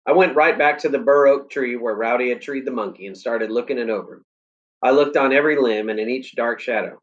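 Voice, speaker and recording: A male teacher reading a novel aloud in a steady, plain way, with small stumbles and brief teaching asides. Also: mid-range voice, muffled recording.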